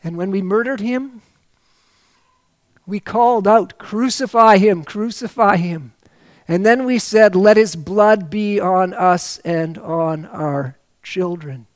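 A man delivers a sermon, reading scripture aloud and building to loud, slowed emphasis on key phrases. His voice sits high, and there's no echo.

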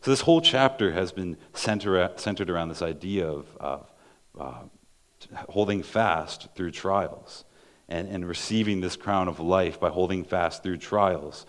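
A man's voice: sits low, a little slow. A man preaching a sermon, earnestly explaining scripture, reading verses aloud and often restarting his words.

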